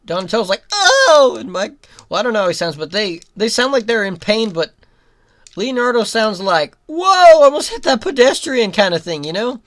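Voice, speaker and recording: A young adult giving rambling let's-play commentary, breaking into giggles and sudden loud outbursts at the game. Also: medium pitch, brisk, no echo. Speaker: gaming commentator.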